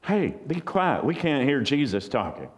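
A man preaching a sermon, acting out an irritated person in a crowd telling someone to be quiet. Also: medium pitch, big pitch swings, normal speed, natural voice. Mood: scolding. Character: scolding man shushing from a crowd. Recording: long hall reverb.

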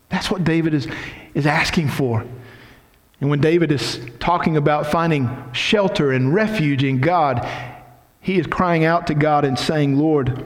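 A middle-aged man preaching a sermon in a church, voicing quoted prayers with strong emphasis. His voice sits a little high for a man, and a long reverb trails after each phrase. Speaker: pastor.

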